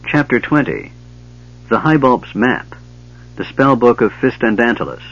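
A man reading a fantasy novel aloud as narrator, with steady storytelling, in a dull lo-fi recording. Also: medium pitch, measured pace, vocal fry. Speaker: audiobook narrator.

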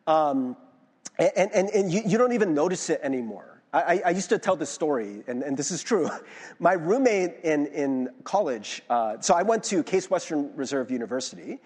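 A man's voice: on the high side, normal speed, breathy edge, big-room sound. A young man preaching a sermon as pastor, chatty and self-mocking, checking in with the listeners often. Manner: animated, chatty, self-mocking, frequent "right?".

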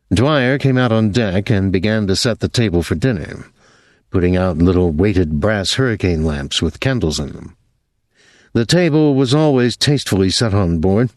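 A man reading a novel aloud in measured, even narration. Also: on the low side, no echo, studio quality. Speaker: audiobook narrator. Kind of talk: scripted narration.

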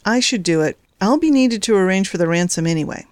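A woman's voice: mid-range voice, animated, quick pace, darkish tone, no echo, studio quality, lightly acted. A woman voicing a smug, disapproving older sister-in-law who speaks in a cool, condescending way.

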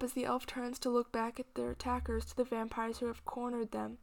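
Brief: female story reader, fiction, flat steady delivery, slips into whispers. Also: on the high side, a little fast, vocal fry, hardly any pauses. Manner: drops often into hushed whispers. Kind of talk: dramatic fiction reading.

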